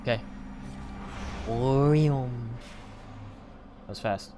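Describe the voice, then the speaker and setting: A man's voice: mid-range voice, extremely slow. A man streaming a game, chatting casually and joking about what he sees. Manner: playful, joking, reacts to the game. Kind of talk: casual gameplay commentary.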